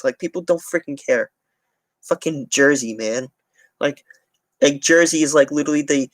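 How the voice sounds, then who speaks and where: A man's voice: on the high side, a little fast, no room sound. A young man, talking loosely on a livestream, rambling and swearing often. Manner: rambling, heavy swearing, restarts. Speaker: transit channel streamer. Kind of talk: casual livestream chat.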